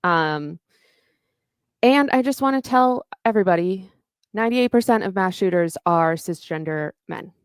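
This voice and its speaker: A woman's voice: medium pitch, lively intonation, moderate pace, clear, resonant tone, dry recording, studio quality. A woman co-hosting a podcast, talking casually and plainly in an earnest, direct way. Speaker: podcast co-host.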